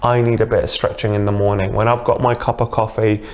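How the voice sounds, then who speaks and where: British male guest, lower pitch, enthusiastic explainer. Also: flat delivery, fast talker, darkish tone. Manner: chatty and enthusiastic, explains with examples. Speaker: dating coach guest. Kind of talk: casual interview.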